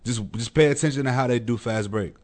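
A man's voice: medium pitch, fast talker, a little mellow, no room sound. A man in casual basketball chat, emphatic and laughing as he makes his points. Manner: emphatic, laughs while talking.

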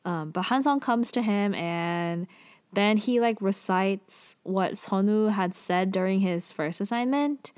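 A woman talks through a TV drama's plot in a loose, chatty way, with lots of "like" and "um" along the way. Her voice sits at an ordinary middle pitch. The recording is close and dry, with no room sound. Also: slow pace, a little mellow, clean tone, no room sound. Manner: chatty, frequent "like" and "um" fillers, offhand asides. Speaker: drama recap vlogger. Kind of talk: casual plot recap.

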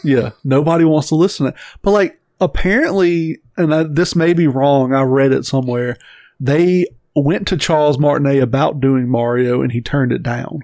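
A man's voice: medium pitch, moderate pace, a little mellow, dry recording. Blunt, profane podcast guy. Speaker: podcast co-host. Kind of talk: casual chat.

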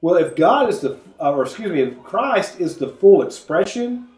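A man's voice: high-pitched, sing-song, normal speed, darkish tone. Man leading a Bible study. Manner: earnest, frequent coughing and throat clearing. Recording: echoey room.

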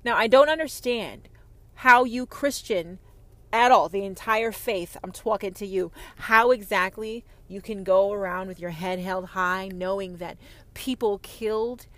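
A woman hosting a podcast, delivering a profane, confrontational rant that swings between loud outbursts and hushed lines. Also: medium pitch, measured pace, no room sound. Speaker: podcast host. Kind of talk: ranting podcast monologue.

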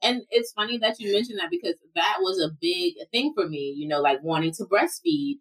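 A woman's voice: mid-range voice, expressive, brisk. A woman in her thirties co-hosting a casual podcast chat, telling stories with quoted asides. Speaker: podcast co-host.

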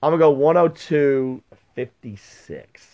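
This middle-aged sports podcast host has a voice on the high side, with lively intonation and an unhurried pace, and there's no room sound. He chats casually, bluntly opinionated and swearing freely, on a dull lo-fi recording.

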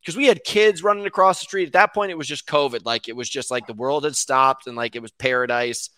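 A man's voice: mid-range voice, a little fast, bright, forceful tone, dry recording. A man who works as a lumberjack, a guest on a podcast, telling a rambling story in casual chat, acting out quotes and saying "like" often.

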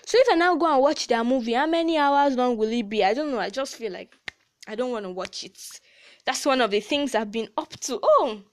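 A woman's voice: high-pitched, fairly quick. A teenage girl with a Nigerian accent hosting a casual chat podcast, talking in a chatty, heartfelt way with many "like" fillers. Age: teens. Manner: chatty and emotional, frequent "like" fillers and laughs. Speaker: podcast host.

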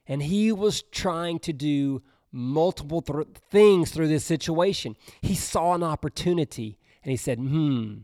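A man's voice: fairly high pitch, a little mellow, no room sound, clean studio sound. A man preaching a sermon. He reads scripture dramatically and adds casual, conversational comments. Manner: reads scripture slowly and dramatically, then breaks into casual asides.

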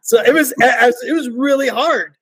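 A man with a high voice tells stories as a podcast guest, lively and quick to laugh. His voice sits close and dry on the mic, with no room sound around it. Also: breathy edge, no room sound, rough recording. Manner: animated, laughs often, acts out quotes. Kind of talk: casual storytelling chat.

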